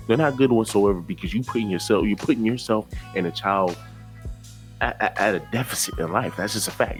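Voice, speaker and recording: A man giving reaction commentary in a preachy way, repeating himself and asking rhetorical questions. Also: fairly low pitch.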